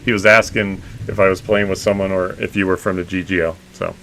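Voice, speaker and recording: A man's voice: low-pitched, fairly even intonation, brisk, fairly bright tone, slight background noise, poor audio. A man hosting a casual livestream, chatting easily with his guest and his chat. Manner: laid-back, chatty, chuckles, talks to chat. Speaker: streamer host.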